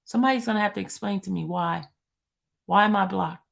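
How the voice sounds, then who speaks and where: A woman's voice: mid-range voice, brisk, creaky. A woman blogger on a live stream, talking to her viewers in a frustrated way and often repeating herself. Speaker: court news blogger.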